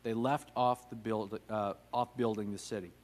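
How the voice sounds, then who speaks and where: A man's voice: fairly low pitch, fairly even intonation, normal speed, a little mellow. A man teaching a casual Sunday Bible class, joking and talking with the room and putting questions to the class. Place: church classroom.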